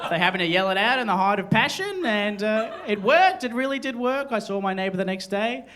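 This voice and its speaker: Lively man doing stand-up. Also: high voice, brisk, background noise. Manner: rambling, self-deprecating, lively delivery to a laughing crowd. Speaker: stand-up comedian. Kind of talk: stand-up comedy set. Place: comedy venue with a live audience. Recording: live show, audience laughter behind.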